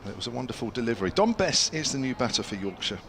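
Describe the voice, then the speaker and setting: A man's voice: mid-range voice, big pitch swings, quick pace, gravelly, bright, forceful tone, slight background noise. A man commentating live on a cricket match from the ground, chatty and full of asides to his co-commentator.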